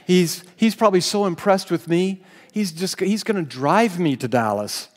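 A male pastor preaches a sermon in a high-pitched voice with big pitch swings, a moderate pace, and hardly any pauses. He tells stories with self-deprecating humor, laughing now and then as he speaks, and a long hall reverb surrounds the recording.

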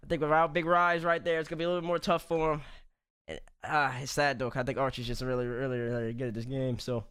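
A man's voice: mid-range voice, flat delivery, fast talker, a bit bright, smooth. A man giving his takes in casual panel chat, rambling and often repeating himself. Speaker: panel guest.

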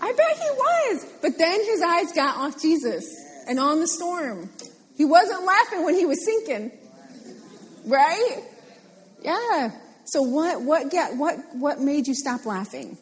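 A woman preaching a sermon, animated and playful, repeating phrases for emphasis. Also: high-pitched, takes it slowly, big-room sound.

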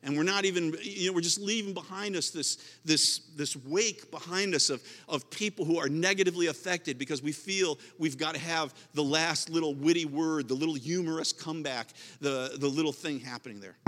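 Male pastor, emphatic sermon delivery, high bright voice, reverberant hall. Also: a little fast, few pauses. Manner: emphatic, repetitive preaching with restarts.

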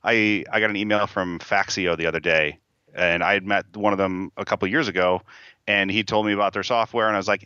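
A man's voice: low voice, fairly even intonation, fast talker, sharp tone, clear, resonant tone, dry recording. A man guest on a podcast, telling stories in a loose casual way with fillers, heard over dull remote audio.

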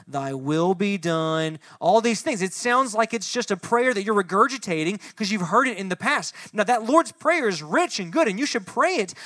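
A young man preaching a sermon to a congregation, talking to the room directly and rising from soft, low speech to loud, impassioned reading. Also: no room sound, studio quality. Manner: addresses the room directly, conversational asides. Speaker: pastor. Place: church hall before a congregation.

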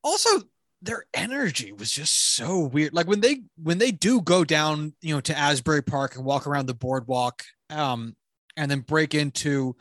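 A man talking casually about a film, animated and rambling, swearing offhand. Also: a little high, moderate pace, dry recording, studio quality. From New Jersey. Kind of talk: casual film review chat.

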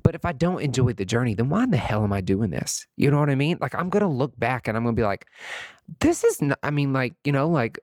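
A man in his late thirties hosting a podcast, talking in an expressive, emotional and chatty way, full of fillers and asides. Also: mid-range voice, fast, hardly any pauses, dry recording, studio quality. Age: late 30s. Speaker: podcast host. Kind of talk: reflective solo podcast monologue.

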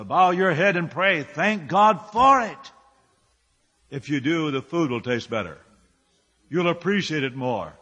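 A man's voice: fairly high pitch, bright, forceful tone, husky, big-room sound. A male pastor preaching a sermon, firing rhetorical questions and building his phrases up with emphasis.

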